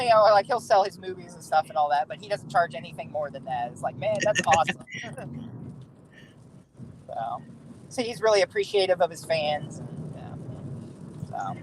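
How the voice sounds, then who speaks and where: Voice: medium pitch, lively intonation, normal speed, pauses often, noisy background. A podcast guest chatting casually and telling a rambling story, with many fillers and laughs. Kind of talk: casual chat.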